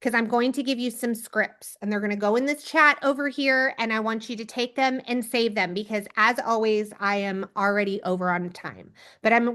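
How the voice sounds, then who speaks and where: A woman leading a team training on a video call, giving an energetic pep talk and calling on people by name. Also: on the high side. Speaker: team leader coaching recruits.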